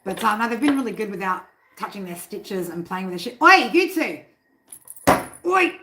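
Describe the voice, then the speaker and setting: A woman's voice: medium pitch, quick pace. Swearing, chatty woman on a live stream. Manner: loose and chatty, swears freely, breaks off to scold her cats. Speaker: tarot reader hosting a live stream. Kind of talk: casual live-stream chat. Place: home with cats in the room. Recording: steady background noise. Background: noise and cats.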